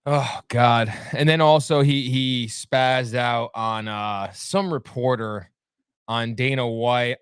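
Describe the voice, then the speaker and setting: A man's voice: mid-range voice, steady tone, takes it slowly, clear, resonant tone, dry recording, studio quality. A man hosting a sports talk show in a casual, rambling way, cracking sarcastic jokes between fillers. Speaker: podcast host. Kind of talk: casual chat.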